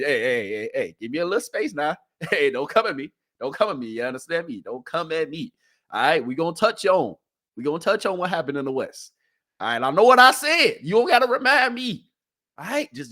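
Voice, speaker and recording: A man hosting a sports show, talking casually with slang and teasing his listeners, moving from a motivational pep talk into sports commentary. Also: medium pitch. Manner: animated, conversational, teasing the audience. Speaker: sports podcast host.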